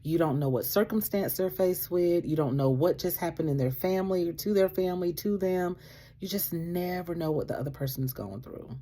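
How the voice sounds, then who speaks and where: A woman casually telling a personal story, animated, acting out what people said and laughing often. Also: fairly low pitch, fairly quick. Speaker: vlogger sharing a faith testimony.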